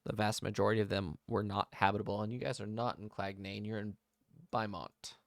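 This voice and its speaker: A man as game master, narrating and explaining a tabletop game world in a relaxed way with many pauses. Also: fairly low pitch, creaky, no echo, studio quality.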